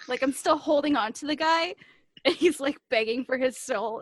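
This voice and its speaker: A woman's voice: high-pitched, normal speed, dry recording. A woman playing a tabletop game, describing her character's actions with lots of fillers. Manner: animated, filler-heavy storytelling. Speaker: player. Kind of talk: casual chat during a tabletop game.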